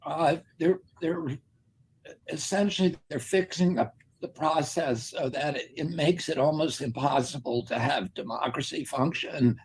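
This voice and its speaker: A man with a raspy, breathy, strained voice, speaking slowly and haltingly in prepared public remarks. His pitch sits a little high for a man, and he stops often to restart his sentences. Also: low-quality recording. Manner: halting, with many restarts and fillers. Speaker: presidential candidate in a played clip.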